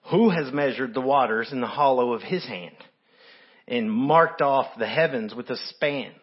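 A man preaching a sermon, emphatic, his voice climbing high and loud as he quotes scripture. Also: measured pace, slightly rough, lo-fi sound. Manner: emphatic, rises sharply when quoting scripture. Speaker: pastor.

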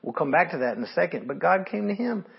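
A man's voice: on the high side, lively intonation, fast, creaky, slightly rough, lo-fi sound. A man preaching a sermon, reading scripture aloud and commenting on it in an earnest, conversational way. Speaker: pastor.

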